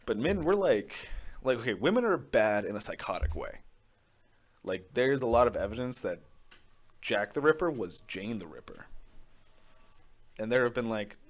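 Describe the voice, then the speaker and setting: This young podcast host has a mid-range, very animated voice and talks at a normal speed, pausing often. His casual chat rambles, packed with fillers like "like," and he laughs frequently.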